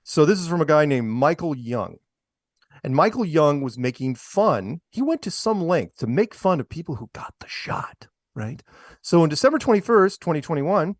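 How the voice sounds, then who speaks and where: A male podcast co-host with a slightly high voice reads news aloud and mocks each item sarcastically, in casual commentary on news clips. The studio sound is clean, with no echo.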